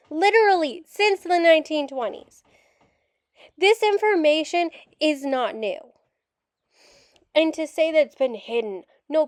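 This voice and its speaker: A woman's voice: high voice, no room sound, studio quality. A woman adoptee commentator reacting to a documentary, ranting in frustration and swearing openly. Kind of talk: reaction rant video.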